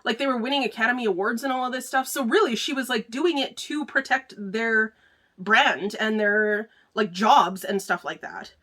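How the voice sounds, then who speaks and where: Woman, book club host, casual review chat, fairly high voice, bright tone, lots of fillers. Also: moderate pace. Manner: chatty, many filler words, laughs easily.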